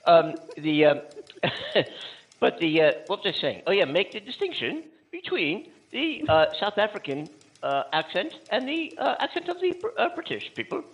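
A man co-hosting a radio talk show, chatting casually in a halting way with many restarts and easy laughter. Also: high voice, wildly swooping pitch, a bit bright, husky, highs cut off. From USA. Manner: halting, full of fillers and restarts, laughs easily.

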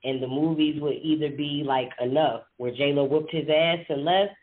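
A man's voice: fairly high pitch, fairly even intonation, moderate pace. A man being interviewed as a guest author, speaking casually and filling with "you know". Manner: conversational, fills with "you know". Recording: tinny phone-like line.

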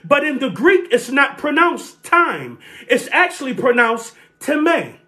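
A preacher delivering a sermon, repeating key phrases, calling for responses and shouting at the peaks. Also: sits high, moderate pace. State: sweating.

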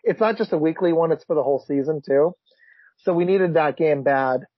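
A man with a slightly higher, husky voice chats about football with quick, excitable reactions. His sound is dry and close, with a dull, lo-fi edge from a remote podcast setup. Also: no echo. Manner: excitable, blurts reactions, laughs often. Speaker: podcast host. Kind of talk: casual sports chat.

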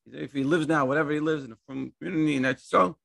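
A man's voice: a little high, racing, gravelly. A man teaching a Torah class in a casual, chatty way, acting out stories with frequent restarts and repeated words. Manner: animated storytelling with many restarts.

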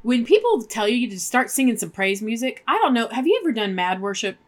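A woman's voice: a little high, sing-song, brisk. A woman co-hosting a faith podcast, talking emphatically and acting out prayers as she goes. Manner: emphatic, preachy, acts out prayers. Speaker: podcast co-host.

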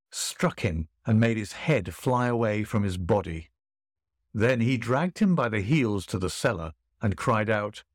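A man reading an old tale aloud as a podcast narrator, in a measured, dramatic way. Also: lowish voice, no room sound, clean studio sound. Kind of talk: storybook reading.

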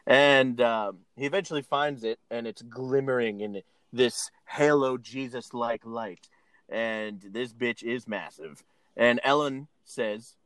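A man's voice: medium pitch, measured pace, a bit bright, clear, resonant tone, no echo. A man hosting a casual podcast chat, retelling a film's scenes with frequent laughter. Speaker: podcast host. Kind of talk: casual chat, recapping a film.

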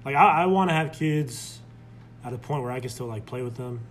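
A man in his twenties co-hosting a podcast, easygoing and quick to laugh. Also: mid-range voice. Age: 20s. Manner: easygoing, laughs often, animated. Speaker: podcast co-host. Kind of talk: casual chat.

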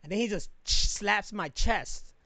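A man co-hosting a casual chat, telling a story in an animated, profane way with lots of laughter. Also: sits high, unhurried, dry recording.

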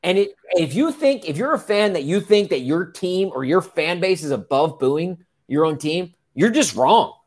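This is a man co-hosting a casual sports podcast, with a voice that sits a little high for a man. He is animated and laughs easily. He hammers his points by repeating them. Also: moderate pace, few pauses. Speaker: podcast co-host.

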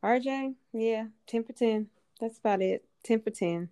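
A woman guesting on a podcast, talking enthusiastically in a halting, restarting way. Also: on the high side, warm tone. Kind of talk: casual podcast chat.

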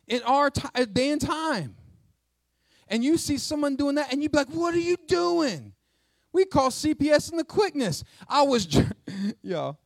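High-voiced pastor preaching animatedly. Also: male voice, no room sound. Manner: animated, conversational preaching with quick jokes and asides. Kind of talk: sermon.

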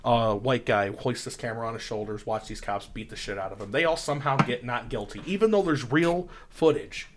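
A young man tells a long, meandering story at a middling pitch, full of "like" and swearing. His delivery is loose and conversational, with a faint hiss under the audio. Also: brisk, few pauses. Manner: rambling, profane, filler-heavy. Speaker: podcast host. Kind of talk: casual chat, storytelling.

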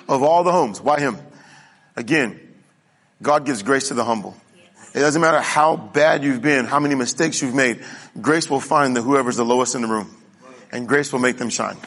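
A man's voice: a little high, fairly bright tone. A male pastor preaching a conversational sermon, often checking in with the congregation. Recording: reverberant hall.

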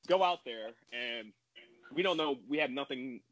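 A man's voice: mid-range voice, lively intonation, fairly bright tone, dry recording, rough recording. A man telling a story as a wrestler guest on a podcast, casual and rambling, with lots of "like" fillers. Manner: fast, filler-heavy and rambling with many "like"s.

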